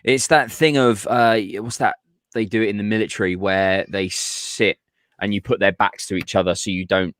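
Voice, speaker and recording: A man's voice: on the low side, fairly even intonation, normal speed, a bit bright, dry recording, studio quality. A man co-hosting a casual chat, asking wandering, thoughtful questions.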